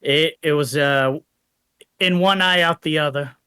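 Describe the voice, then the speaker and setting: A man's voice: a little high, unhurried, bright, forceful tone, clear, resonant tone. Unimpressed male podcast co-host. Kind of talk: casual podcast chat.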